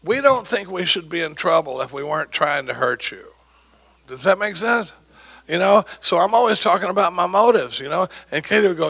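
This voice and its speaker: An older man speaks at a recovery meeting in a folksy, joking way, acting out the voices of people he quotes. His voice is bright and gravelly with a husky edge. It sits a little high for a man. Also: animated, a little fast.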